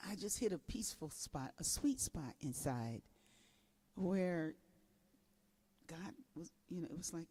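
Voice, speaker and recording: A woman's voice: lowish voice, lively intonation, measured pace, pauses often, warm tone, breathy edge. Affectionate chatty woman hosting a live stream. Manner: affectionate, chatty, laughs easily. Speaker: host and gospel singer. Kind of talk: casual live-stream chat with viewers.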